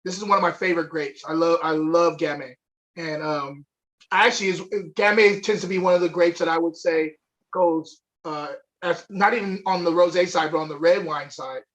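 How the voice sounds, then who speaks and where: Enthusiastic male wine co-host, high voice, casual livestream chat. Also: fairly even intonation, moderate pace, fairly bright tone, lo-fi sound. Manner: enthusiastic, chatty, with fillers. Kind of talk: live online wine tasting chat. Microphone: webcam or desk mic on a video stream.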